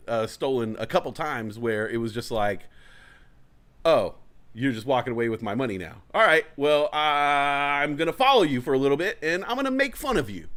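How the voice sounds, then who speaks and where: A man's voice: mid-range voice, fairly bright tone. A man hosting a talk show, telling a long, rambling, profane story in casual chat and acting out angry quotes. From California Bay Area. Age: adult parent of a young child. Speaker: show host.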